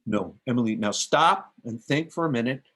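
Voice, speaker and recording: A man playing a gentle father of the bride who calms and reassures his daughter over a video call. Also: medium pitch, moderate pace. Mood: soothing. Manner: soothing, reassuring.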